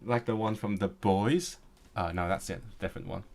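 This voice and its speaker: A man's voice: on the low side, normal speed, gravelly, a little mellow. Stammering, chatty man. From Hong Kong. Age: late 20s. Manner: chatty and joking, with frequent stammered restarts. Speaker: language-learning streamer. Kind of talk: casual live-stream chat, reading out viewer comments.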